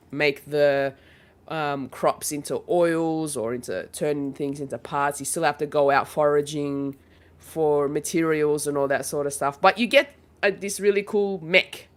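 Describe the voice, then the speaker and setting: A woman chatting on a gaming podcast, her voice congested from a cold. She talks in a smooth, resonant tone and rambles with plenty of fillers. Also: low-pitched, a bit bright. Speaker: podcast co-host. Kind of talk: casual chat.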